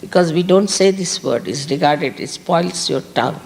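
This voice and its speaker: A woman's voice: deep voice, normal speed, vocal fry, darkish tone. A woman from India with an Indian accent, giving a public spiritual talk and repeating key words for emphasis. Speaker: spiritual teacher. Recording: reverberant hall, faint background hiss.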